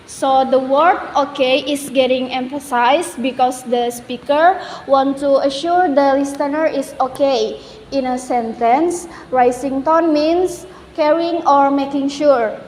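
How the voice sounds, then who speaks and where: A young woman student giving a classroom presentation, with a careful, halting delivery and some restarts. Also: high voice, fairly even intonation, a little mellow. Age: young adult. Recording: echoey hall, faint background noise.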